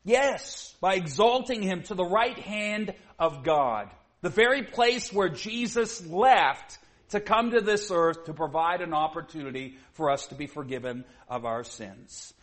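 A man's voice: high voice, unhurried, few pauses, a bit bright. A man preaching a sermon to his congregation, earnest, often saying "you see", sometimes building to emphatic peaks.

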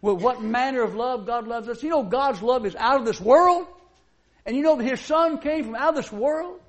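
A man's voice: extremely high pitch, normal speed. A man preaching a sermon at a church service, in a folksy, conversational way full of rhetorical questions.

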